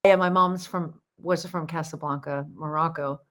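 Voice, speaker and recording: A woman's voice: low-pitched, fairly even intonation, normal speed. A middle-aged woman, a guest on a podcast, telling family stories in casual chat and laughing often. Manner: laughs often, chatty storytelling. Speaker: guest musician.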